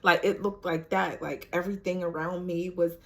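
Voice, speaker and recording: A woman with a somewhat low voice tells a personal story straight to her viewers. She talks in a loose, chatty way, peppering her sentences with "like" and "you know." It is relaxed, casual vlog storytelling. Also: moderate pace. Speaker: vlogger.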